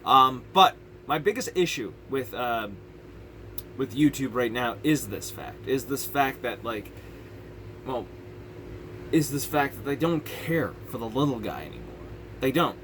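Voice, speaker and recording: A man's voice: medium pitch, expressive, measured pace, a bit bright, a little hiss or hum. A young man ranting frustratedly on his vlog from his parents' house, rambling and restarting his sentences. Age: young adult. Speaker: YouTuber.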